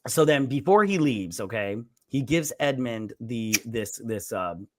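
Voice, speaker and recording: A man's voice: mid-range voice, lively intonation, a little slow. A man co-hosting a casual movie podcast, rambling through the plot, swearing and laughing as he quotes the characters. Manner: rambling, retells scenes in quoted voices, swears, laughs often. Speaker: podcast co-host. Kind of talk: casual drunk movie recap.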